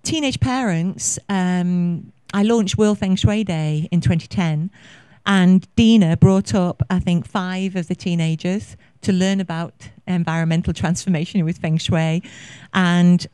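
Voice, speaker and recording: A woman's voice: lowish voice, unhurried, a little mellow, clear, resonant tone, no room sound. A woman in her fifties giving a conference talk, effusive and passionate, rambling with many fillers. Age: 50s. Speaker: conference speaker. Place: conference venue.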